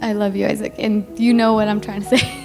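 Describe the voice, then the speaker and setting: A woman's voice: mid-range voice, creaky. A woman giving her wedding toast as the bride, emotional and fighting back tears, laughing between lines. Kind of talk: heartfelt wedding speech.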